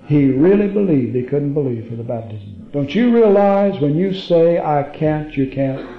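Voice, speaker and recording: A man preaching a sermon, telling stories with animated quoted voices, then praying slowly and softly. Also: fairly high pitch. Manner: hushed, slow prayer. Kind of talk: sermon with prayer. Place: church sanctuary. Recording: echoey, dull archive sermon recording.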